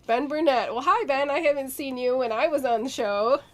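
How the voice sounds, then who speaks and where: A hoarse woman who has been sick, with a gravelly voice, reading out chat comments and giggling on a casual live stream. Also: high voice, normal speed. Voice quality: gravelly, smoker-like. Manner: giggly, reads comments aloud. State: hoarse from illness.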